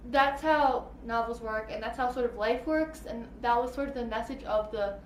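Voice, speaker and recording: High-voiced gushing woman book vlogger. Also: normal speed, slight background noise. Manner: gushing, peppered with "like" and "I really liked". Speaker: book reviewer. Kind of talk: casual book review vlog. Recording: echoey room.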